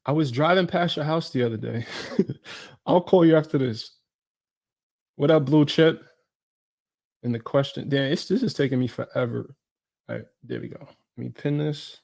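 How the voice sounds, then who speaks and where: With a medium-pitched, slightly mellow voice marked by vocal fry, a man from New York chats casually on a livestream. He's a fitness creator answering questions live, using slang and welcoming viewers by name.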